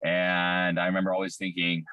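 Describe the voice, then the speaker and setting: A man recounting a painful childhood experience in candid, profane, halting personal testimony full of fillers. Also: low voice, completely flat delivery, sharp tone, clean tone, no room sound. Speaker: survivor telling his story.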